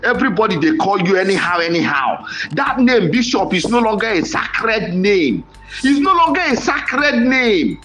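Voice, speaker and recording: Dramatic Nigerian commentator, very animated pitch. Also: normal speed, faint music behind. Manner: dramatic, exclaiming and lamenting, repeats phrases. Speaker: online commentator. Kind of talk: impassioned voice-note commentary.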